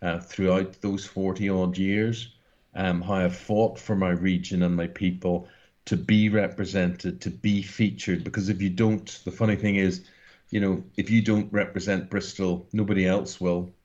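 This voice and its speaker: A man's voice: low-pitched, little pitch movement, moderate pace, darkish tone, dull audio. A Northern Irish man in his sixties speaking as an interview guest, talking in an earnest, emphatic and rambling way. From Northern Ireland. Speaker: guest broadcaster. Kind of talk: casual interview talk.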